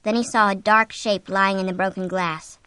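A woman reading a horror novel aloud as an audiobook, with an expressive, suspenseful delivery on a close mic. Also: mid-range voice, moderate pace, clear, resonant tone, no echo. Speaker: audiobook narrator. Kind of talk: scripted narration of a horror novel.

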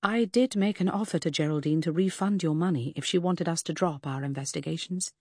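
A man's voice: fairly high pitch, brisk, dry recording, clean studio sound. Woman voicing a melancholy old-school army officer. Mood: gentle. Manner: formal and gentle.

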